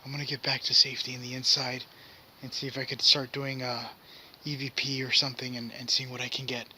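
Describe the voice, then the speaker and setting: A man whispering tensely into his camera as he explores woods at night. His voice is bright and strained, with faint outdoor ambience behind him. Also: medium pitch, little pitch movement, fairly quick, slight background noise. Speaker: paranormal investigator.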